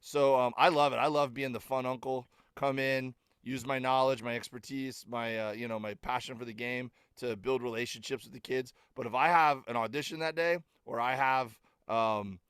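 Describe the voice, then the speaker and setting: A man's voice: mid-range voice, moderate pace, few pauses, clear, resonant tone, no echo. A middle-aged man, a comedian guest, telling stories in casual podcast chat, full of fillers and acted-out quotes. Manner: animated storyteller, filler-heavy, acts out quotes.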